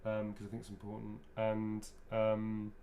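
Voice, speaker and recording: A man's voice: on the low side, monotone, measured pace, mellow. Chatty man rambling through a fan Q&A. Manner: rambling, self-correcting, chatty. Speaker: voice actor answering fan questions. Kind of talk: casual live Q&A while signing autographs.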